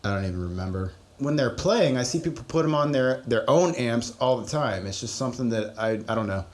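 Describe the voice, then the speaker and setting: A man co-hosting a podcast, telling stories about playing music in an earnest, halting way. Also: mid-range voice, expressive. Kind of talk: casual chat.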